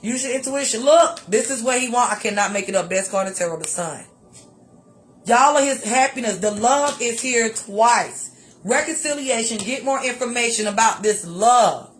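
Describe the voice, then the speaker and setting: A woman giving a tarot reading to her viewers, animated and exclamatory, repeating phrases for emphasis and calling listeners honey. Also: on the high side, moderate pace, slight background noise. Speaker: tarot reader.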